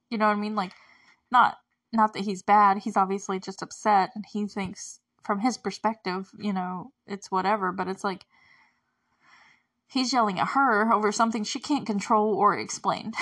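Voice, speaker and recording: A woman's voice: medium pitch, normal speed, fairly bright tone. A young woman casually recapping a TV episode, chatty and filler-heavy, laughing often. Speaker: show recapper.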